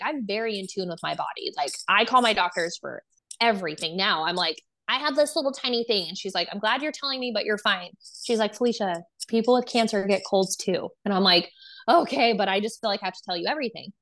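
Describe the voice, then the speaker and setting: A woman's voice: mid-range voice, fast talker, a bit bright. Candid young woman telling her story. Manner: casual, filler-heavy, acts out quoted dialogue. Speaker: guest sharing her story.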